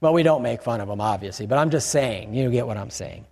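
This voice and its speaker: A man in his sixties from Chicago, a pastor preaching a sermon in an animated way, now and then rising to shouts for emphasis. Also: mid-range voice, fast, vocal fry. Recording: long hall reverb.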